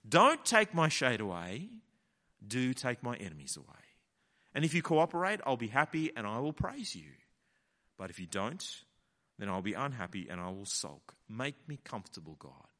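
A petty, self-centred prophet whines and demands to be kept comfortable, as a preacher puts him on in his sermon. The voice swings between bright peaks and sulky lows, and a long reverb trails after it as in a large hall. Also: very animated, moderate pace. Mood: sulky demanding.

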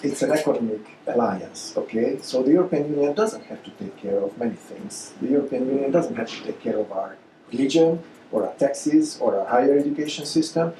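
A man answering audience questions at a lecture, halting with many fillers and restarts. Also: medium pitch, expressive, warm tone, slight background noise. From Hungary. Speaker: guest speaker. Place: lecture hall. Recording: echoey lecture room.

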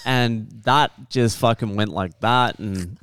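A man's voice: lowish voice, takes it slowly, fairly bright tone, clear, resonant tone, dry recording, studio quality. A young man on a podcast telling a story in casual talk, swearing constantly and laughing now and then.

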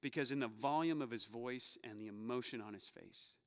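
Um jovem pastor pregando um sermão, contando histórias com humor e exortando a congregação com ênfase crescente. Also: male voice, mid-range voice, fairly quick. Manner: storytelling, joking, rising to loud urging. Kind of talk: sermon. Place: church sanctuary. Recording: long hall reverb.

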